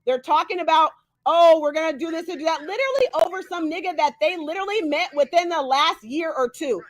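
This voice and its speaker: Streamer woman, high pitch, dry close sound, confrontational and repetitive. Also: lively intonation, fairly quick, dry recording. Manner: angry, confrontational, repeats questions. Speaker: streamer in an online dispute. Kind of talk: heated livestream rant.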